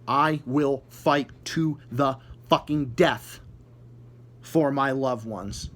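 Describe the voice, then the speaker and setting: A man's voice: mid-range voice, extremely slow. A man ranting angrily at his viewers, swearing nonstop, repeating and stumbling over words, with a mocking, sarcastic edge. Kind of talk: angry profane rant.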